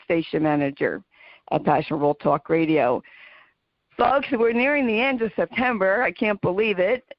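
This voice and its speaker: A woman hosting a casual talk radio show, speaking earnestly and slowing down to stress her points. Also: mid-range voice, no echo. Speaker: podcast host. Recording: dull lo-fi dry audio.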